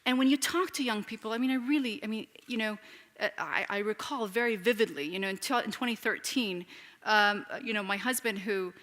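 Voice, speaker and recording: A woman, an author taking questions at a public talk, speaks in an animated way with frequent restarts and "you know.". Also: medium pitch, fairly quick. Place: lecture hall with an audience. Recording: long hall reverb.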